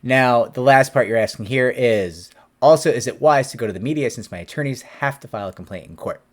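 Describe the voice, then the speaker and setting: Man in his forties, employment attorney, casual talk to camera, animated, mid-pitched. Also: a little fast. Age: 40s. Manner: animated, conversational, acts out quotes.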